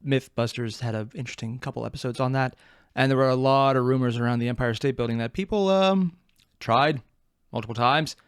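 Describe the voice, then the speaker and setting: A man's voice: mid-range voice, a little fast, clean tone, no room sound, clean studio sound. A man hosting a reaction video, talking casually and sarcastically with rambling asides, self-mockery and frequent swearing. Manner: animated and sarcastic, swears freely.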